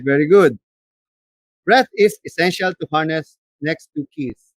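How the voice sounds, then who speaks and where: Animated Filipino man teaching voice. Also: fairly high pitch, measured pace, long pauses, no echo. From Philippines. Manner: animated, mixes in Tagalog phrases, demonstrates voices. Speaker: voice acting coach. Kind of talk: seminar lecture.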